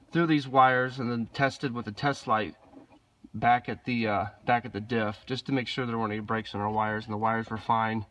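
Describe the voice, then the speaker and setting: A man with a cold, sounding rough and nasal, filming himself with a handheld camera while casually explaining a car repair, hesitant and apologetic. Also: lowish voice. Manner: relaxed, hesitant, apologetic asides. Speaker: DIY car mechanic. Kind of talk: casual how-to walkthrough.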